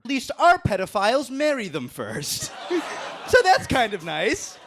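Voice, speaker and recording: Man, high voice, very animated, brash roast comic, faint hiss. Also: measured pace. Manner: brash, crude punchlines with laughs. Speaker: stand-up comedian. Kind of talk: roast battle stand-up set. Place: comedy stage before a live audience.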